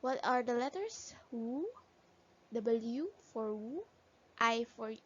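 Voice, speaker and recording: Woman teacher, phonics lesson, slow and patient, fairly high voice, dull lo-fi sound. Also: breathy edge. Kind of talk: phonics lesson for young children. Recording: dull lo-fi recording.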